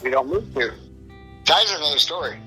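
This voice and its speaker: A man's voice: on the high side, expressive, moderate pace, sharp tone, soft background music, poor audio. A middle-aged man being interviewed, talking in a rambling, profane, frustrated way. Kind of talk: casual interview.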